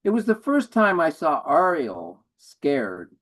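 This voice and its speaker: A man's voice: a little high, huge pitch swings, takes it slowly, fairly bright tone, low-quality recording. A man in his seventies, a featured poet, giving a poetry reading in a dry, wry manner. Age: 70s. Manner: dry, wry delivery of humorous verse.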